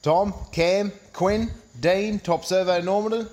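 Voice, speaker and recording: An Australian man, a mechanic, telling a crude joke in a recorded message, rough and cheerful. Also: high-pitched, steady tone, slow pace, darkish tone. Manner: rough, cheery, swears freely.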